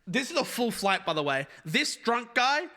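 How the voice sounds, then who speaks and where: On a live stream, a young man does stand-up, speaking at a moderate pace with a forceful, very bright, high-pitched voice. His energetic story keeps getting interrupted by asides to his chat.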